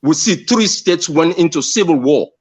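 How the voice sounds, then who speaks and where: Calling into a live discussion, a man from Sierra Leone speaks with a Sierra Leonean accent, earnest and emphatic, repeating phrases and pausing on fillers. His husky voice sits on the high side, with lively intonation.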